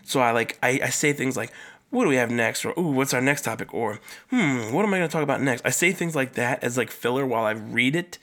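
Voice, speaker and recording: Man, solo podcast host, casual rambling talk, curses a lot, lots of fillers, middle pitch, jumps high for emphasis. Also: animated, quick pace, fairly bright tone.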